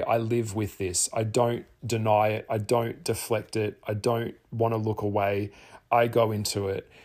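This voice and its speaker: A man's voice: on the low side, darkish tone. An Australian man talking candidly to the camera, earnest and rambling, often repeating phrases for emphasis. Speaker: tarot artist and vlogger.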